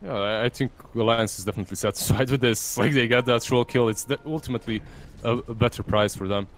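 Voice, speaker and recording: Easygoing male co-caster. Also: mid-range voice. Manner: relaxed, chatty analysis with quick reactions. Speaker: esports co-caster. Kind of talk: live color commentary.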